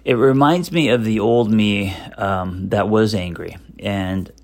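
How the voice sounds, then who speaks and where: Gravelly low-voiced man, candid and hesitant. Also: slow. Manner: hesitant, lots of fillers and restarts, candid. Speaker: therapist and podcast host. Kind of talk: casual self-help monologue.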